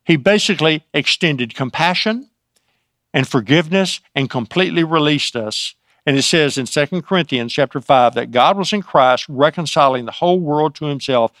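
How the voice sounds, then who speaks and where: Guy preaching, reads the bible bits then chats about them, voice a bit high, dry close sound. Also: lively intonation, moderate pace, a bit bright, dry recording. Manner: reads scripture aloud then explains it conversationally, with restarts. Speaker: pastor. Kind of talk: sermon.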